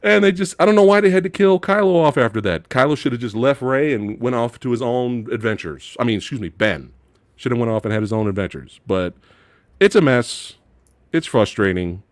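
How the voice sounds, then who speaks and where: A man co-hosting a casual movie review chat, ranting with animated delivery and mocking impressions. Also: medium pitch, brisk, no echo. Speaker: podcast co-host.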